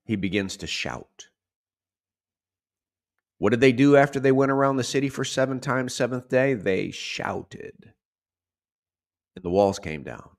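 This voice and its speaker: Animated man preaching a sermon. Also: mid-range voice, unhurried, long pauses. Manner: animated preaching, acts out shouted quotes. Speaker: pastor.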